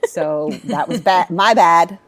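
A woman's voice: lowish voice, takes it slowly. A woman in her thirties chatting casually and candidly about her kids, swearing freely. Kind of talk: casual chat.

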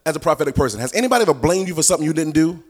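Male preacher, animated sermon, sing-song cadence, acts out dialogue, fairly high voice. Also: very fast.

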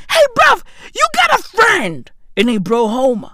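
A woman's voice: high voice, huge pitch swings, unhurried, few pauses, bright, forceful tone, no echo. A woman delivering a profane, slangy comedic rant, keeps asking "right?" for emphasis.

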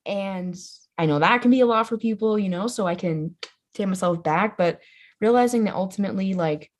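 A young woman talking as a podcast guest in a casual conversation. She is loud, playful and blunt, fills her talk with "like" and swears freely. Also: medium pitch, brisk. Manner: chatty, says "like" constantly, swears freely.

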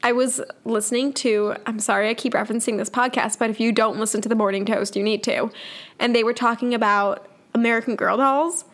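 A woman's voice: fairly high pitch, fairly even intonation, fairly quick, fairly bright tone. A young woman in her twenties co-hosting a podcast, playful and teasing in casual chat. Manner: playful, teasing, calls her friend "bud". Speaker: podcast co-host.

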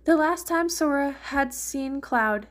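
A woman's voice: high-pitched, takes it slowly. A woman reading a fan fiction story aloud, narrating and lightly voicing the characters. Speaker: fanfiction reader.

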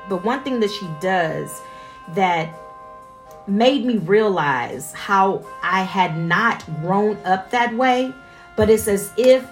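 A middle-pitched woman in her forties talks slowly and earnestly in a personal reflective monologue. She leans on repetition to stress what matters. Soft instrumental music plays faintly behind her voice. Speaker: mother sharing reflections.

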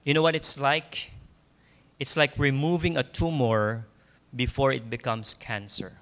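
A man with a Filipino accent preaching a sermon in a church, slow and emphatic, repeating key points and laughing softly now and then. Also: medium pitch, fairly even intonation. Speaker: pastor.

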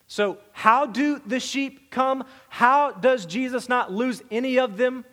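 A man's voice: very high-pitched, slow, sharp tone, long reverb tail. A man preaching a sermon as pastor, talking in an emphatic, conversational way and often repeating words as he goes.

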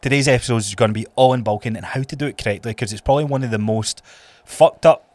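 A Scottish man in his thirties co-hosting a fitness podcast, blunt and animated, swearing freely. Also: mid-range voice, fast, no echo. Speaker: podcast co-host and trainer. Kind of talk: casual podcast chat.

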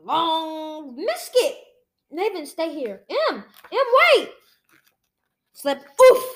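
A woman's voice: high voice, big pitch swings, extremely slow. A woman reading a graphic novel aloud, saying the sound effects and the dialogue in the same reading voice. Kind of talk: read-aloud storytelling.

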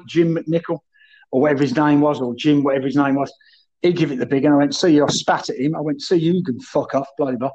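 A husky, fairly high-voiced man spins a boisterous, foul-mouthed yarn in casual chat. The sound is dull and muffled. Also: a little mellow. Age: 30s then, now older. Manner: boisterous, sweary anecdotes, keeps addressing the host by name. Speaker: guest, former footballer.

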